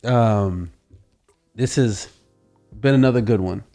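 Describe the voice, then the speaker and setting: A man from Dallas hosting a podcast, talking in a relaxed, drawn-out way with lots of "like" and "you know". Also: lowish voice, soft background music. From Dallas, Texas. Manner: easygoing, drawn-out, many likes and you knows. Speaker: podcast host. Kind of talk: casual chat.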